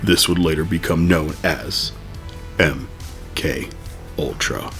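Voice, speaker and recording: A man putting on a deep, would-be seductive male movie narrator voice as a joke. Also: takes it slowly, a bit bright, soft background music, exaggerated voice. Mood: mock-seductive.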